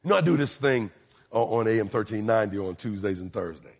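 A man preaching a sermon as pastor, moving between shouted lines and low, quiet asides. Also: expressive, quick pace, creaky. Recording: long hall reverb.

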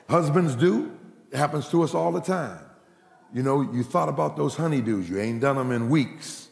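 A man's voice: normal speed, vocal fry. A male preacher delivering a humorous, folksy sermon, telling stories and acting out the people in them. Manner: folksy, animated, jumps into high voices for quoted characters. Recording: echoey hall.

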